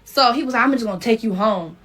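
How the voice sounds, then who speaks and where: A woman's voice: a little high, quick pace. A woman telling a story in a casual, profane way, acting out what people said. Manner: animated, profane, acts out quotes.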